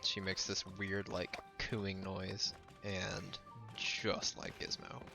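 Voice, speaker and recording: A man's voice: low voice, completely flat delivery, slow, vocal fry, over music. A man casually chatting with his viewers during a live game stream, rambling with lots of "like" and laughing often. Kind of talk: casual live-stream chat while playing.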